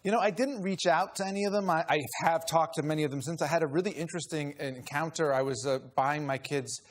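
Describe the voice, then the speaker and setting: A man as an interview guest, telling a casual anecdote with self-deprecating chuckles and halting restarts. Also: a little high. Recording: noisy broadcast clip.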